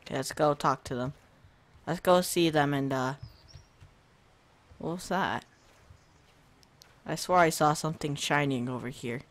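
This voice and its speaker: A gaming video host giving casual let's-play commentary into a desk microphone at a home setup, chatting to viewers and reacting out loud to jump scares. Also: mid-range voice, a little slow, pauses often. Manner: talks to the viewers and to himself while playing.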